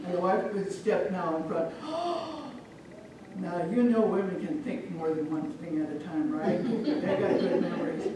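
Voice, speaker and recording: A middle-aged woman from Omaha telling a folk tale live to an audience, lively and chatty, with asides to the crowd. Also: lowish voice, moderate pace, few pauses, slight background noise. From Omaha, Nebraska. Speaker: storyteller. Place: large event hall. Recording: echoey hall from far off.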